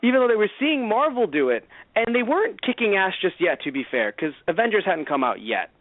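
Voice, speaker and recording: Brief: male podcast co-host, animated and profane, slightly high pitch, tinny dry lo-fi sound. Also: brisk, dry recording. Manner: animated, profane, acts out mock dialogue. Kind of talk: casual chat, movie review.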